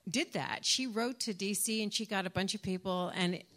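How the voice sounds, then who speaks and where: A woman's voice: mid-range voice, fairly quick, a bit bright. Chatty Irish woman in a Q&A. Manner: chatty, laughing, rambling with restarts. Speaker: audiobook narrator. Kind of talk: audience Q&A. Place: conference room with audience.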